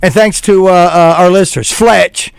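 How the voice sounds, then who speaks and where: A man, co-hosting a morning radio show, speaking earnestly and haltingly with many fillers. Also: high-pitched, fairly even intonation, vocal fry, a little hiss or hum. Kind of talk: casual morning radio banter. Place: radio studio.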